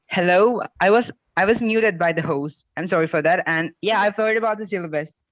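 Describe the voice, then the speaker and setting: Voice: medium pitch, brisk, a little hiss or hum. A participant in an online session, asking polite, hesitant questions over a video call.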